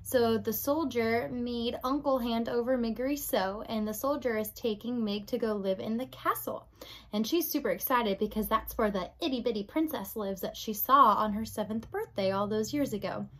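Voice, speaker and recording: A woman's voice: a little high, normal speed, a bit bright. A woman reading a children's book aloud, adding chatty asides to explain the story. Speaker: read-aloud narrator.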